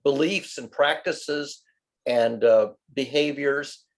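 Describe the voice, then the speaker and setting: A man talking at a middle pitch on a video call. He explains his ideas in a casual, step-by-step way, listing them one after another. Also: slow. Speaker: study group participant. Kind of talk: casual group discussion.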